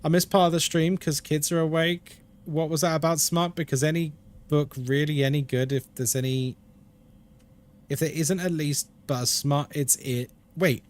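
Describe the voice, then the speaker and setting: A British man streaming a game, chatting casually, reading chat out loud and laughing often. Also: on the high side, steady tone, normal speed. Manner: chatty, laughs a lot, reads chat aloud.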